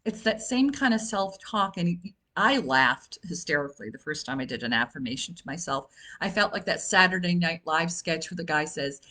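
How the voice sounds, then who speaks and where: A woman's voice: low-pitched, animated, normal speed, bright, forceful tone. A woman in her fifties giving an informal wellness talk, chatty, with frequent fillers and restarts. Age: 50s. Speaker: wellness coach. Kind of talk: informal talk on self-help.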